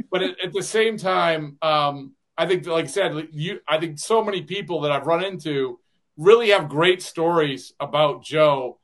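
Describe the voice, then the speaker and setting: A man's voice: fairly high pitch, moderate pace, fairly bright tone. Rambling male guest telling stories. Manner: rambling storyteller, many restarts, chuckles often. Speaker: guest, radio host and broadcaster. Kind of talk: casual interview chat.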